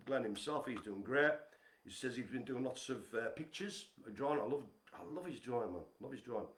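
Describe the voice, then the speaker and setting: A man hosting a casual live stream from home, chatty and teasing as he gives shout-outs. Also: medium pitch, echoey room. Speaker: livestream host. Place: home apartment.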